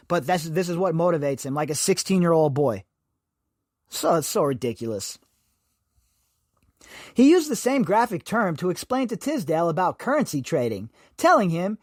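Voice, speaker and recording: High-pitched and recorded dry at studio quality, this male podcast host gives opinionated commentary. He's emphatic and sarcastic, constantly throwing out rhetorical questions.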